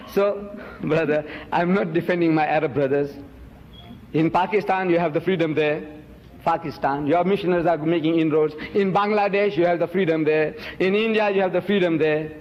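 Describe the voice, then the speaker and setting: A man giving an emphatic, accusing public lecture, jumping sharply up in pitch on key words. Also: moderate pace, big-room sound, highs cut off. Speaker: Muslim preacher and debater.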